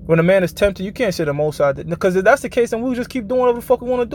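A man with a notably high voice preaching live in a blunt, profane, street-talk manner. He keeps checking in with his listeners and drops into a slow, deliberate cadence whenever he reads scripture aloud. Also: lively intonation, a little hiss or hum. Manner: slows down for scripture passages. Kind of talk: informal preaching with scripture reading.

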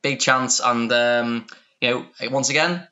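A man's voice: medium pitch, steady tone, unhurried, pushed and bright, highs cut off. A British man hosting a comedic podcast interview, hesitant and mock-earnest. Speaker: podcast host.

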